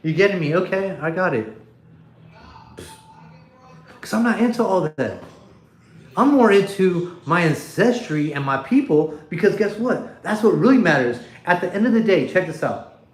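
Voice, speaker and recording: A man's voice: high-pitched, very animated, normal speed, pauses often, reverberant, faint music behind. A man hosting a casual livestream from his phone, talking bluntly and rambling, with profanity and frequent restarts. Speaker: livestream host.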